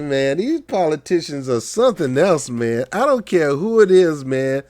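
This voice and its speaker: Man vlogger, political commentary, joking, mocking, slightly high voice, dry close sound. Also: moderate pace, dry recording. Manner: joking, mocking, animated storytelling.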